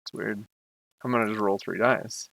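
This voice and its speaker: A man's voice: fairly low pitch, steady tone, normal speed, creaky, a bit bright, low-quality recording. A man narrating a tabletop game as game master, hesitant with many fillers as he describes the action.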